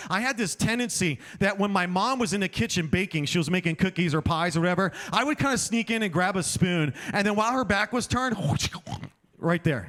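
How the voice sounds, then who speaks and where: High-voiced man preaching a sermon. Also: a bit bright. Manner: conversational, storytelling, asks the audience questions. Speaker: chapel speaker.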